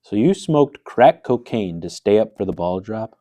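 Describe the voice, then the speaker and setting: A man's voice: lowish voice, expressive, moderate pace, mellow, no echo, natural voice. A man playing a dry, stern talk show host. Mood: probing. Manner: dry, incredulous, scolding. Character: stern late-night host Uncle Fran, man. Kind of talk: improv sketch comedy.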